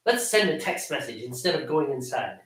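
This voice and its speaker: A man's voice: medium pitch, big pitch swings, a little fast, a bit bright, far from the mic. A man hosting a home brewing vlog, grumbling sarcastically to himself in a cold garage. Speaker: home brewer, channel host. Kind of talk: casual vlog chat. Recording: echoey garage, off mic.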